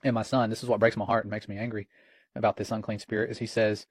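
A man's voice: on the low side, flat delivery, fast, no room sound. A middle-aged man co-hosting a Christian podcast, speaking in an earnest, alarmed way. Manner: earnest and alarmed, reads chat quotes aloud. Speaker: co-host of a Christian watchman podcast. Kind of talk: casual religious commentary.

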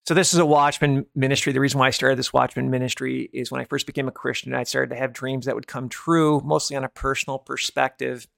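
Gravelly man in his fifties. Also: medium pitch, little pitch movement, quick pace, hardly any pauses, dry recording, clean studio sound. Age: 50s. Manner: earnest, confessional, trails off quietly. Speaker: host of a watchman ministry podcast. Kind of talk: casual religious testimony.

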